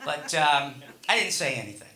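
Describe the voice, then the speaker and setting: High, bright-voiced middle-aged man telling a stand-up story. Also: very animated, moderate pace, echoey room. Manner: rambling and chuckling, with many fillers. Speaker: stand-up comedian.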